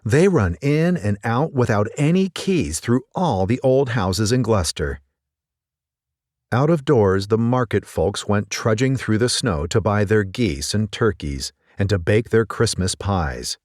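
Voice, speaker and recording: Lively low-voiced male storyteller. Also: measured pace, dry recording, studio quality. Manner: lively, expressive, gentle. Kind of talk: storybook reading aloud.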